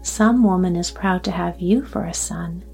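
A woman voicing a kindly, talkative old grandmother in a gentle, earnest way. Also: lowish voice, normal speed, creaky, soft background music. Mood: fretful.

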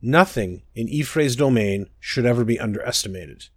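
Man narrating a fable, lively pitch. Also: normal speed, no echo.

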